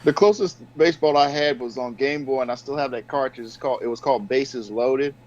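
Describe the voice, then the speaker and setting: A man's voice: mid-range voice, brisk, a little mellow. A man co-hosting a gaming podcast, upbeat and laid back, saying "you know" often. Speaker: podcast co-host. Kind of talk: casual gaming podcast chat. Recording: dull lo-fi sound.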